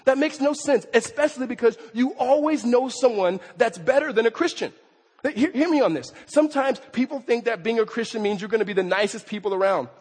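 A man's voice: very high voice, fairly quick, a little mellow, husky. A married man preaching a sermon to his congregation, emphatic, often stammering over repeated words and acting out quotes. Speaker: pastor. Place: church sanctuary. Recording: long reverb in a big hall.

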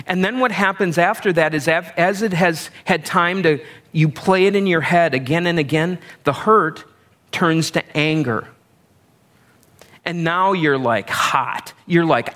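A middle-aged man preaches in a relaxed, conversational way. His voice sits a little higher than most men's. He leans on self-deprecating humor and homely examples to make his point. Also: unhurried. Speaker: pastor. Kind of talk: sermon.

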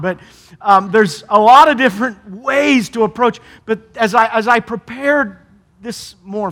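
A middle-aged male pastor delivers a sermon in a high voice. His tone is bright and forward, and he talks in an easy conversational way, often turning to the congregation with rhetorical questions.

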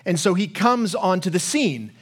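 In a high-pitched, very animated, slightly rough voice, a male pastor preaches at a normal speed. His sermon unfolds through impassioned stories, and he repeats words frequently as his fervor rises.

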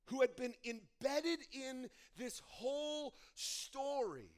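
Preaching slowly, a young male pastor with a fairly high voice tells his sermon as an animated story. He frequently restarts sentences, and his energy swells and dips on the way to his point.

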